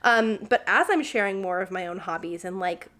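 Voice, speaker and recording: A woman's voice: medium pitch, animated, moderate pace, sharp tone. A young woman, a vlogger and stay-at-home mom, talking candidly with lots of fillers and sometimes close to tears. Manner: rambling, many "like" and "um" fillers; emotional, close to tears at times. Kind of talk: candid confessional vlog talk.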